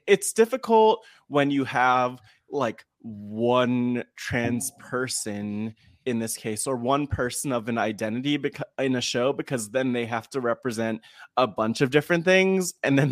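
A man's voice: medium pitch, no room sound. Male podcast co-host, young adult, casual chat, earnest and chatty, dry close sound. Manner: earnest and chatty, with playful jokes.

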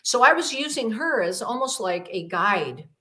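A woman's voice: on the high side, big pitch swings, normal speed, bright, forceful tone. A woman guest telling a personal story in an interview, rambling with many fillers and acting out the voices she quotes. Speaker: podcast guest, demonologist.

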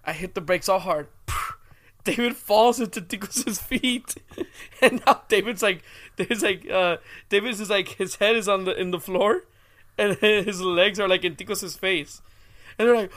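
A young man co-hosting a podcast, telling stories in casual chat, laughing often and acting out quotes in high voices. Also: measured pace, fairly bright tone, no echo. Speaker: podcast co-host.

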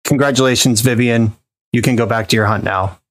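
A man's voice: mid-range voice, steady tone, fairly quick, a bit bright. A man presenting an award as a playful mock live news report.

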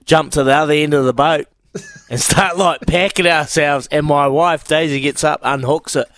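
Relaxed New radio co-host, dry sound. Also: male voice, on the high side, moderate pace, dry recording. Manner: joking interjections, relaxed storytelling. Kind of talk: casual radio banter.

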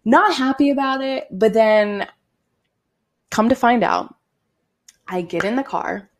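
A young woman in her twenties hosting a podcast, telling a personal story in a candid, animated way and swearing freely. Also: on the high side, slow pace. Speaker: podcast host. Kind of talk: casual storytime monologue.

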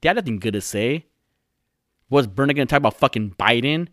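A man's voice: medium pitch, expressive, quick pace, fairly bright tone, no echo. Young male podcast host, foul-mouthed, rambling mockery, dry close sound. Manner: profane, rambling, mocking. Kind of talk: solo podcast rant.

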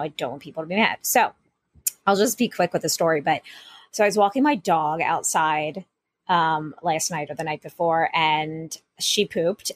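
A woman's voice: fairly low pitch, dry recording. A woman co-hosting a casual podcast, telling a rambling story with many restarts and asides. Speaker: podcast co-host.

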